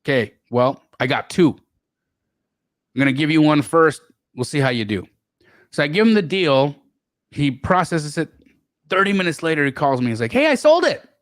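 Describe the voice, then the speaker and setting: Man, middle-aged, podcast guest, animated storyteller, stumbling restarts, dry recording. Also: normal speed, long pauses, dry recording. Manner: animated, acts out quoted voices with big pitch jumps; repeats words and restarts often. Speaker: guest real estate investor.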